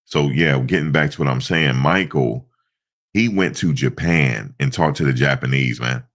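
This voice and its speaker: A man's voice: rumbling low, normal speed, a bit bright. A stuffed-up man hosting a casual live stream, rambling through stories with lots of fillers. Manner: rambling storytelling with many fillers.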